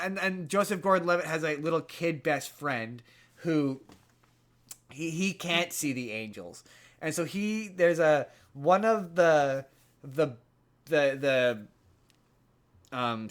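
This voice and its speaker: Podcast co-host, male, slightly high voice, loose rambling plot recap. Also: takes it slowly, fairly bright tone. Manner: rambling, many restarts, puts on character voices in retellings. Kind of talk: casual chat, retelling a movie plot.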